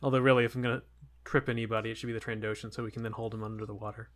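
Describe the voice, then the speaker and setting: Bright-voiced joking male player. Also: on the low side, little pitch movement. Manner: joking, quick asides. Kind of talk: casual tabletop play.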